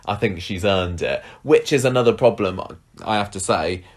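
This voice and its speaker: Male podcaster, very low voice, relaxed opinionated chat. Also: moderate pace. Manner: thoughtful, opinionated, laughs easily. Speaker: podcast co-host. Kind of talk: casual chat.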